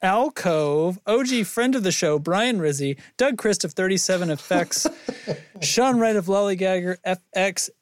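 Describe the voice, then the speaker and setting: A man's voice: high voice, unhurried, dry recording. A man hosting a casual podcast outro, rambling, stumbling over names and laughing at himself. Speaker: podcast host.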